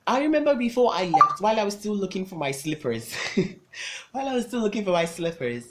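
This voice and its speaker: A young vlogger tells a personal story to camera, leaning hard into every beat with emphatic repeats. The voice is mid-pitched, and the phrasing is loose and casual. A faint ambient hum sits behind the voice. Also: very animated, a little fast, a bit bright. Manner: dramatic, emphatic storytelling with lots of repetition.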